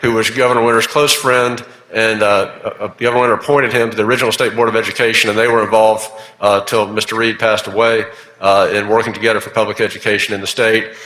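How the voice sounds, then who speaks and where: A senator walks the chamber through his bill, steady and explanatory, pausing with uh's. His voice is bright. It rings in a large echoing chamber with a long tail. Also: on the low side. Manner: measured, explanatory, with frequent fillers. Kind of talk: legislative floor speech. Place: legislative chamber. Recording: echoey chamber with long reverb.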